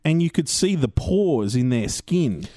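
A man's voice: medium pitch, very animated, measured pace, mellow, no echo, clean studio sound. A man co-hosting a casual podcast, blunt and teasing, swearing freely. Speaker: podcast co-host.

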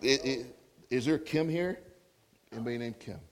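A man preaching as a guest speaker in a church, laughing often and repeating words when excited. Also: medium pitch, moderate pace. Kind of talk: sermon with prophetic words. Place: church hall.

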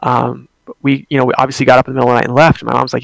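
Gravelly young man telling a story. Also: mid-range voice, flat delivery, no echo. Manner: rambling, halting, many fillers and restarts. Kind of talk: casual storytelling.

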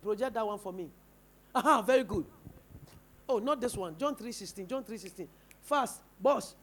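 A man's voice: high-pitched, expressive, moderate pace. A man with a Ghanaian English accent preaching a sermon in church, firing rhetorical questions at the congregation. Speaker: pastor.

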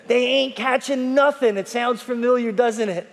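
A male pastor preaching a sermon, folksy, swinging from shouting to hushed tones and calling out to the congregation. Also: very high voice, moderate pace, creaky. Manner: folksy, repeats calls to the congregation. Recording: long hall reverb.

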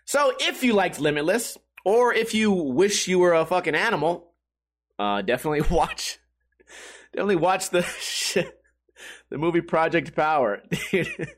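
Young man, podcast host, casual rambling, profane, self-amused, high voice. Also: lively intonation, moderate pace. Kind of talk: solo casual podcast rant.

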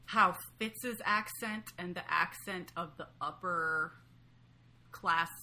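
Lady talking books on a podcast, thinks out loud, kinda low bright voice. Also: takes it slowly. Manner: thoughtful, with hesitant restarts. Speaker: podcast co-host. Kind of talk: casual book discussion.

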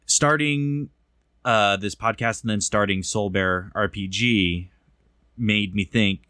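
A man's voice: fairly low pitch, slow pace, sharp tone, smooth, dry recording. A man co-hosting a podcast, trading dry, self-deprecating jokes with some casual swearing. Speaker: podcast co-host.

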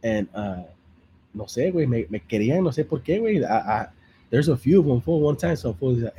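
A man's voice: medium pitch, lively intonation, fast talker, warm tone, slight background noise. A man hosting a live podcast, mixing English and Spanish slang in crude, rambling, laugh-filled stories. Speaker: podcast host. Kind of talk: casual live-stream banter.

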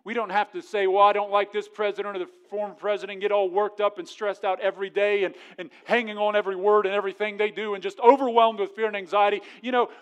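A man in his thirties preaches a sermon with a notably high-pitched voice. He moves between loud, animated storytelling and hushed, earnest appeals to his congregation. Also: quick pace, few pauses, smooth. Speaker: pastor.

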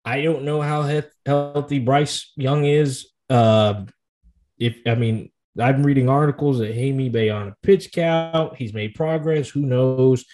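Easygoing rambling podcast host. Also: male voice, mid-range voice, fairly even intonation, unhurried. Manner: easygoing, rambling, tasting-note descriptions. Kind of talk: casual chat about sports and whiskey tasting.

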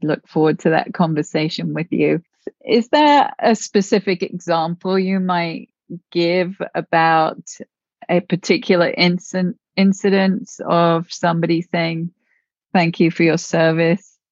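A woman hosting an interview, gently affirming her guest and asking follow-up questions. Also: on the low side, measured pace, no room sound, lo-fi sound. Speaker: interviewer, host. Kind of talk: conversational interview.

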